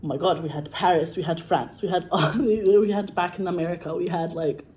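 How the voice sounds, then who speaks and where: A Scottish woman, an actress, talking casually and excitedly, gushing and swearing, with a frog in her throat. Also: on the low side, fairly quick. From Scotland. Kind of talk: casual monologue.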